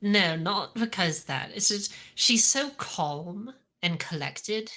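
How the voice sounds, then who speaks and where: A woman with a bright, forward voice chats on a podcast. She is animated and giggly, often slipping into characters' voices as she talks. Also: mid-range voice, takes it slowly. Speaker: podcast co-host. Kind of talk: casual chat.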